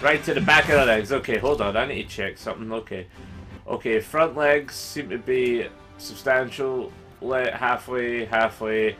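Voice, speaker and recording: A young Scottish man commentating his gameplay live, excitable and sweary, often bursting into yelling. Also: medium pitch, normal speed. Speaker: gaming YouTuber. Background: game music.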